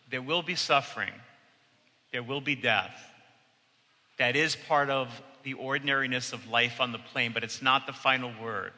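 A man preaching a sermon in a bright, forceful voice. He tells a story earnestly, and his words ring out with a long reverb through a church. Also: mid-range voice. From United States. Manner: storytelling, earnest, quotes with raised voice. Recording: long reverb of a large hall.

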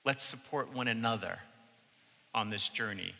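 Bright-voiced preacher in a reverberant hall. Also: male voice, lowish voice, normal speed, gravelly. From United States. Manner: storytelling, earnest, quotes with raised voice. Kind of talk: sermon. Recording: long reverb of a large hall.

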